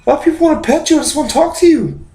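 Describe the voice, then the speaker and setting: A squeaky, fawning movie star. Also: male voice, animated, very fast, warm tone. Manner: squeaky high put-on voice, repetitive pitch lines. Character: chummy pushy male movie star, fawning. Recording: roomy echo.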